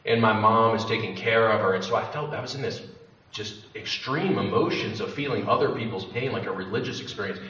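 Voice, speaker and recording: A man's voice: on the low side, a little fast, bright, forceful tone. A young man candidly telling a personal story to a live audience, rambling and swearing freely, often cutting himself off. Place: event room with an audience. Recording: roomy, distant, dull lo-fi room recording with faint noise.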